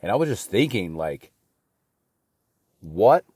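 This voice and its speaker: A man's voice: deep voice, expressive, moderate pace, darkish tone, dry recording. A man talking in a rambling, slangy casual monologue in a studio, saying bro a lot.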